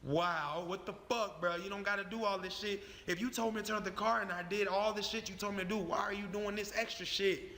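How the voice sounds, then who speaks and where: Young guy ranting his story, high sharp voice, swearing a lot, reverb trailing off. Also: steady tone, brisk. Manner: heated, profane, emphatic. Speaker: YouTuber telling his story. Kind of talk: animated storytelling. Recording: long reverb on the voice.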